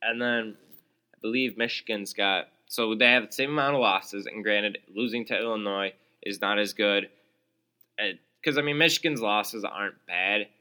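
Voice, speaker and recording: Young guy doing a solo podcast rant, super bright sharp voice, kinda low pitched, sarcastic and fed up. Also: normal speed, clean tone. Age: young adult. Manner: exasperated, sarcastic ranting with many fillers. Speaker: podcast host.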